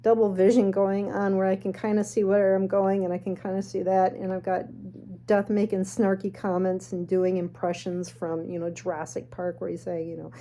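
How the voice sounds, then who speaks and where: A woman telling a spooky personal story in a chatty, animated way with snarky asides. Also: mid-range voice, moderate pace, a little hiss or hum. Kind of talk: casual storytelling.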